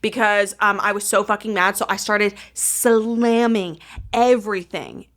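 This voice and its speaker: A woman's voice: mid-range voice, fairly even intonation, a little slow, fairly bright tone. A young woman co-hosting a podcast, telling a story in casual, profane chat and laughing often. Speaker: podcast co-host.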